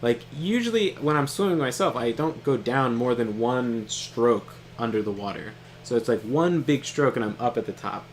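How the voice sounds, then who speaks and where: A man's voice: medium pitch, expressive, normal speed, hardly any pauses, a little hiss or hum. A young man casually telling a funny story to his brother while they play a game, laughing often and swearing freely. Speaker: co-host of a gaming stream.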